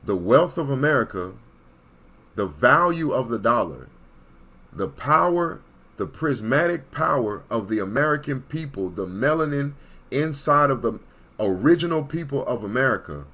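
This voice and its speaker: A man's voice: medium pitch, big pitch swings, moderate pace, bright, forceful tone. A man giving an emphatic, preachy monologue as an online commentator, repeating points and checking in with his listeners. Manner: emphatic, repetitive, checks in with "Okay?".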